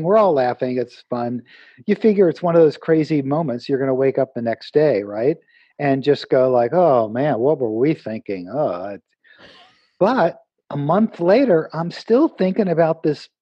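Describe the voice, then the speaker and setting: Slightly high-pitched and a bit rough, a male author appearing as a guest tells an animated story, performing the dialogue of its characters. The audio is dull and has no echo.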